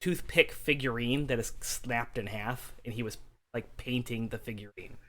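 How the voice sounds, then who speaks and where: A man serving as game master for a tabletop game narrates, describing scenes in a relaxed manner. He speaks at medium pitch and normal speed.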